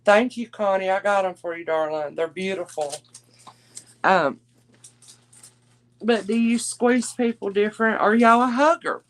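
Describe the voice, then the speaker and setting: A woman's voice: mid-range voice, measured pace, pauses often. A woman hosting a live-stream jewelry auction, chatting with viewers and calling them darling. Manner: chatty, warm endearments to viewers.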